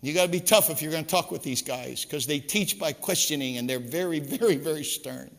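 A man preaching a sermon as pastor, emphatic and quizzing the room, sometimes dropping to a hushed storytelling tone, in a hall with long reverb. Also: fairly high pitch, a little fast, gravelly.

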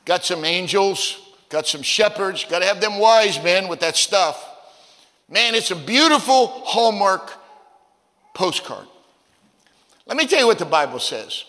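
A pastor tells stories from the pulpit of a church sanctuary, folksy and conversational, with stammered repetitions. He moves unhurriedly with long pauses, dipping low then surging to loud, emphatic high points, while a long reverb tail trails his voice.

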